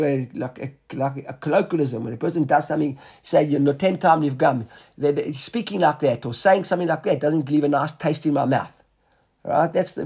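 A man teaching a Talmud class in a slightly raised, gravelly voice with a husky edge. He talks in quick bursts, restarts his sentences and keeps checking that his students follow. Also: on the high side, a little mellow.

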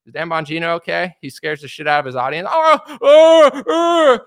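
A young man delivering a heated political rant as a commentator, animated and repeating himself, sometimes mocking others in put-on voices. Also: on the high side, fast talker, creaky.

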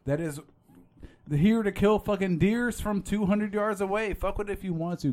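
A man's voice: sits high, moderate pace, darkish tone. A man in a casual group chat, talking in a heated, profane and emphatic way.

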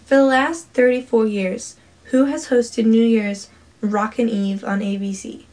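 A woman casually quizzing a friend on holiday trivia, playful and quick to laugh. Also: on the high side, fairly even intonation, darkish tone. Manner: playful, laughs often, tries out foreign words. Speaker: trivia quiz partner. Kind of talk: casual chat.

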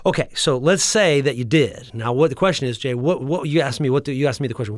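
Energetic man coaching in a dry room. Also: mid-range voice, fast, few pauses, no echo. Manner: energetic, keeps checking in with the listener; frequent restarts and repeated words. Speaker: practice growth coach and podcast host. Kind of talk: teaching talk with a drawing.

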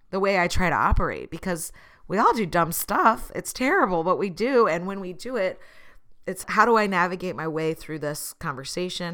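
A woman with a notably low-pitched voice talks straight to her viewers in a loose, reflective monologue. She is earnest and open, and she pokes fun at herself with easy laughs. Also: fairly bright tone. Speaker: vlogger.

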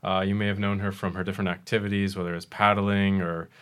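A young adult man hosting a podcast conversation, affirming and unhurried, with frequent soft fillers. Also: low-pitched, little pitch movement, clear, resonant tone. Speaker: podcast host. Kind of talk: hosted conversation.

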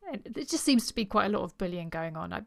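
A woman's voice: lowish voice, expressive, fast talker, vocal fry, no echo, studio quality. A woman co-hosting a podcast, talking in a chatty way about a novel and often repeating words as she starts. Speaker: podcast co-host. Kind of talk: casual book discussion and reading aloud.

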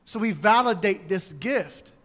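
A man's voice: sits high, expressive, measured pace, a bit bright. A man preaching a sermon in an emphatic way, acting out his examples in raised voices. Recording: long hall reverb.

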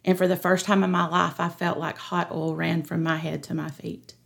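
A middle-aged woman, a pastor giving an earnest, steady personal testimony on a podcast. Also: lowish voice, normal speed, creaky. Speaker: pastor, guest.

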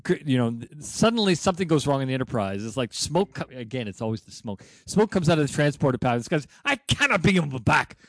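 A man's voice: mid-range voice, quick pace, few pauses, no room sound. A man in casual chat, retelling a TV episode with hummed music cues and acted-out lines. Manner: animated storyteller, hums music cues and acts out lines. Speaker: podcast co-host.

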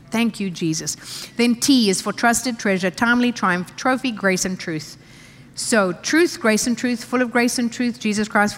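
Emphatic woman preaching in a reverberant hall. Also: mid-range voice. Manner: emphatic, repeats phrases, reads scripture aloud. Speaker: pastor. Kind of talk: sermon.

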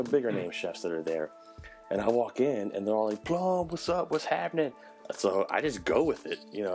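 In a low-pitched voice, a man who hosts a podcast as a chef trades lively, profane stories in casual conversation, mimicking the voices of the people involved.

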